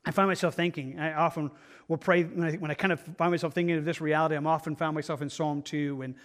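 A man with a slightly high voice teaches a Bible study in a relaxed, conversational way. He is earnest and works through his ideas out loud, often stopping and restarting his sentences. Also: fast talker. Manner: earnest, thinking aloud with frequent restarts.

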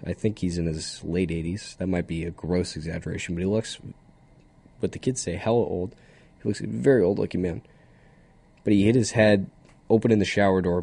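A man's voice: sits low, warm tone. A young man hosting a solo radio show, chatting casually in a rambling, jokey way that keeps drifting off topic, and running on no sleep. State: sleep-deprived.

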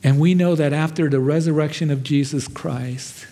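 A pastor preaches in a warm voice that's a little high, keeping a steady tone and a moderate pace. His sermon unfolds as a conversational story, self-deprecating and full of fillers, and it echoes with long hall reverb.

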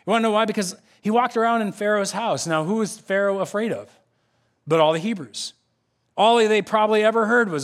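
A male pastor from the United States, preaching an animated sermon and acting out the voices of the people he quotes. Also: sits high, a little fast.

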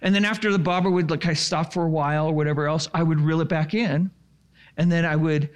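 A man's voice: on the high side, quick pace, clean tone. A man casually telling a rambling story to a live audience, full of restarts and fillers. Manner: animated and chatty.

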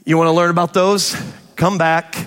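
A man preaching a sermon, animated, with sudden shouts and quick asides. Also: fairly high pitch, smooth. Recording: long hall reverb.

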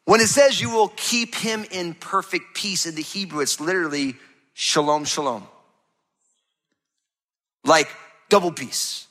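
A man preaches a sermon in a high, bright, forceful voice, swinging from loud emphasis to hushed low passages. His voice rings out with a long reverb, as in a church sanctuary. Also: measured pace, long pauses. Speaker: pastor. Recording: reverberant hall.

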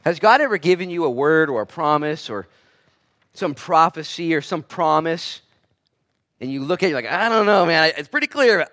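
A man preaching a sermon as pastor, swinging between quiet and loud delivery and acting out the voices he quotes. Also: medium pitch.

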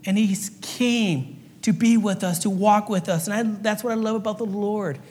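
Man, pastor, sermon, fairly high voice, earnest and repetitive, long hall reverb. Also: moderate pace, darkish tone, a little hiss or hum. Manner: earnest, repetitive, acts out little voices for illustration. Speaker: pastor and fire chaplain. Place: church sanctuary.

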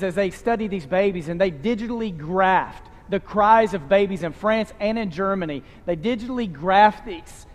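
A man's voice: high voice, long reverb tail. A man preaching a sermon to a live congregation, talking conversationally and tossing in joking asides. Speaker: pastor. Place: church sanctuary with live congregation.

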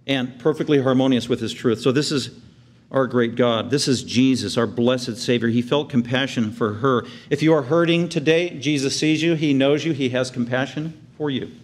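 A man preaching a sermon with earnest conviction, dropping to hushed tender lows and rising to loud, excited highs as he acts out the scene. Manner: acts out the crowd's outraged reactions in a raised voice. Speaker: pastor.

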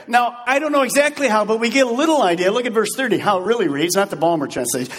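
A male pastor delivers a lively, joking sermon and acts out little scenes. His voice sits high and swings widely, with a husky edge. A long reverb from a large hall trails behind him. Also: quick pace, few pauses. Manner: animated and joking, acting out scenes.

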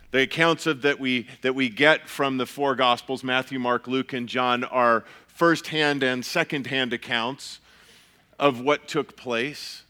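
A pastor giving an earnest, measured sermon, often restarting his phrases. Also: medium pitch, sharp tone.

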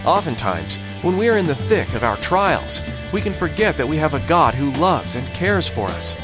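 A man reading scripted narration as the announcer of a radio sermon program, in a measured, reassuring way. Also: mid-range voice. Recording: radio broadcast with music bed.

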